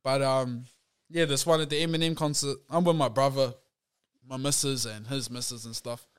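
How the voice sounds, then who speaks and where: A man's voice: mid-range voice, steady tone, normal speed, clean tone. A young New Zealand man telling stories in casual chat, laid-back and swearing freely with slangy speech. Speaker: guest.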